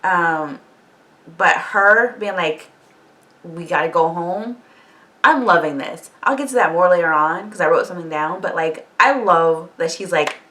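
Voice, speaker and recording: A woman recapping a TV episode in a casual, animated reaction vlog, swearing freely and laughing often. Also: on the low side, normal speed, recorded from a distance. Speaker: TV show reaction vlogger.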